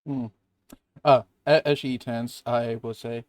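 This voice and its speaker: A man's voice: mid-range voice, steady tone, slow, darkish tone, no room sound. A man playing a tabletop game, playfully mixing his character's moves with in-character lines. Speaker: player.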